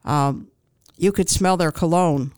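A woman speaking as a grief counselor guest in an interview, giving calm, reassuring advice with frequent ums and restarts. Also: fairly low pitch, slow pace, dry recording.

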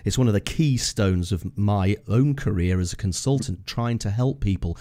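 A man in his fifties hosting a podcast, chatting in a relaxed, storytelling way with frequent restarts. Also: fairly low pitch, normal speed. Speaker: podcast host and marketing consultant. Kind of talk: casual conversational interview.

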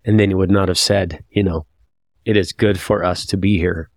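A man's voice: low-pitched, steady tone, moderate pace, dry recording, studio quality. A man teaching a scripture lesson, reading verses aloud and reflecting in a confessional, thoughtful way.

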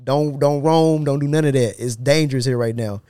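A man's voice: medium pitch, normal speed, mellow, dry recording, clean studio sound. Blunt, joking man on a podcast. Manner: joking, blunt, breaks into laughter. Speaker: podcast co-host. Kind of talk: casual podcast chat.

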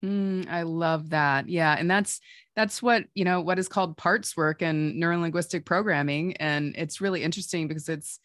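A woman's voice: on the low side, steady tone, normal speed, no room sound, clean studio sound. A woman hosting a podcast, affirming her guest's story and adding her own commentary. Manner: affirming, warm-hearted commentary. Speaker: podcast host. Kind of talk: conversational interview.

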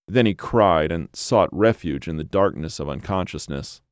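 A man reading a scripted horror story aloud in a measured, grim, dramatic way. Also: low voice, animated, no echo, studio quality. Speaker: narrator.

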